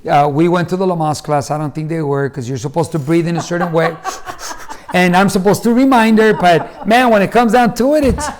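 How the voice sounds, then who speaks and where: A man's voice: high-pitched, a little fast, slight background noise. A middle-aged man, a husband and father, in casual storytelling chat, acting out the lines he quotes. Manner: animated storyteller who acts out quoted lines with bursts of loudness.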